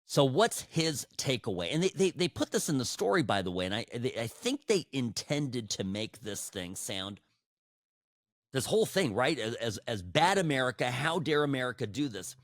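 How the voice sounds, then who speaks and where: Animated, sarcastic male podcast host. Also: mid-range voice, moderate pace, no room sound, studio quality. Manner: animated, sarcastic, frequent restarts. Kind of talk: political commentary. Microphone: studio microphone.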